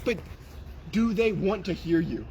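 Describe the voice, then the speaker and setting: A young man arguing on a city street, combative and profane, often shouting. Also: high-pitched, lively intonation, unhurried, slight background noise. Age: young adult. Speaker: counter-protester. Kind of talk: heated street argument.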